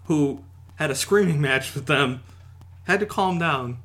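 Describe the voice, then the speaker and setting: A man co-hosting a podcast in casual chat, excitable and rambling with lots of fillers. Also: fairly high pitch, unhurried. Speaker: podcast co-host.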